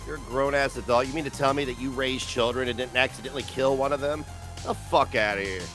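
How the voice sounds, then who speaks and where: A man's voice: medium pitch, fairly even intonation, fast talker, fairly bright tone, faint music behind. A man ranting on a livestream in a profane, mocking, sarcastic way. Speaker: streamer.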